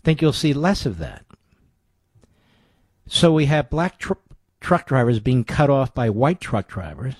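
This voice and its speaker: A man's voice: medium pitch, big pitch swings, a little slow, pauses often, no echo, clean studio sound. A man hosting a talk radio show, ranting sarcastically through rhetorical questions in an indignant monologue.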